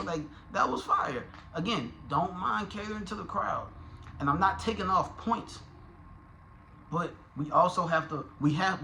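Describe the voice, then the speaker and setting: A man giving a casual, profane, animated review of a rap battle, talking in slang and restarting his sentences often. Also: on the high side, slight background noise. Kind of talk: casual commentary.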